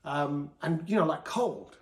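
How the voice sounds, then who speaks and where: A man's voice: a little high, animated, unhurried, reverberant. Chatty man. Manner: chatty, open, with quoted voices and laughs. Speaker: podcast host. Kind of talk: candid solo talk.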